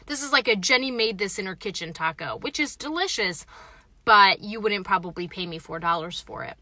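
Talking while she eats, this young woman reviews a taco live from her parked car, reading viewer comments aloud and chatting frankly between bites. The voice is mid-range, expressive and brisk, with a pushed, bright quality and no echo on the recording, the loose talk of a casual live stream.

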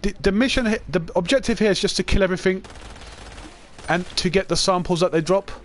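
A man hosting a gaming channel, giving chatty, excitable commentary while he plays and talking to his viewers. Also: high voice, quick pace, slight background noise. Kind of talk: casual gameplay commentary.

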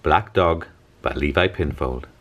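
A man who hosts his own channel, reading a children's picture book aloud with an expressive storytelling delivery. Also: very deep voice, a little slow, a little hiss or hum. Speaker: storybook reader, channel host.

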